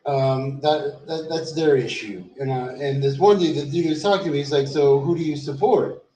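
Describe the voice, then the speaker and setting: A man's voice: a little high, moderate pace, mellow, dull audio, slight background noise. A man telling a loose, rambling story in casual chat, swearing freely and trailing off in fillers. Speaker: vlogger. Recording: roomy echo, distant from the mic.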